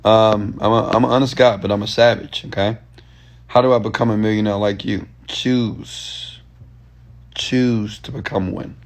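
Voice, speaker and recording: A man's voice: fairly low pitch, steady tone, unhurried. A man giving a motivational rant in loose, slangy talk, pressing his audience with repeated commands. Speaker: entrepreneur and motivational speaker.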